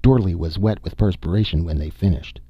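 A man reading a science-fiction story aloud in a steady, even narration. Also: deep voice, brisk, breathy edge, dry recording, muffled recording. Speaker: audiobook narrator. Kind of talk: scripted narration.

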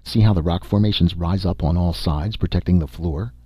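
A man's voice: low voice, a little fast, warm tone, breathy edge, dry recording. A man reading a wary, impatient male explorer in an audiobook, grim and muttering. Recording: dull dry recording.

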